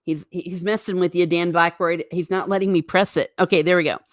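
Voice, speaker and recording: A woman's voice: lowish voice, fairly even intonation, a little fast, no echo, studio quality. A woman hosting a live stream, chatting casually and reading viewer comments aloud with frequent laughs. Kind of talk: casual chat. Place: home.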